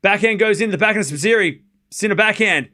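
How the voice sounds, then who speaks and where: A man's voice: high voice, fast talker, pushed and bright. A man hosting a live watchalong stream, calling the play and reacting bluntly, swearing freely. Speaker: streamer host.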